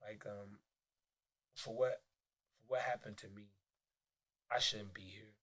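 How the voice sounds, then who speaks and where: A man with a Detroit accent, a podcast guest telling stories in casual, profane, animated talk with many restarts. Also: on the low side, slow pace. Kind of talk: casual interview chat.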